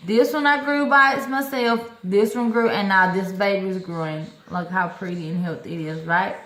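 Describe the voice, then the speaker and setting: A woman's voice: mid-range voice, a bit bright. A woman chatting casually to viewers about her orchids, exclaiming often and calling them y'all. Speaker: vlogger showing her orchid collection. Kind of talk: casual chat. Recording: echoey room.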